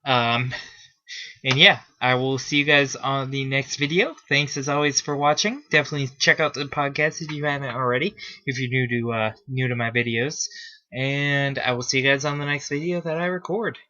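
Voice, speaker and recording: A man's voice: mid-range voice, fairly even intonation, moderate pace, pushed and bright, highs cut off. A man hosting a gaming vlog, talking casually off the cuff with many fillers and restarts. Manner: rambling, frequent fillers and restarts. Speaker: gaming video host. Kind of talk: casual unscripted vlog talk.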